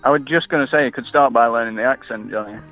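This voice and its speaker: A man's voice: medium pitch, fast, narrow, tinny audio, soft background music. A man with a South Yorkshire accent calling in to a radio show, dry and understated, chuckling at his own jokes. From South Yorkshire, England. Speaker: caller. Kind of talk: casual chat.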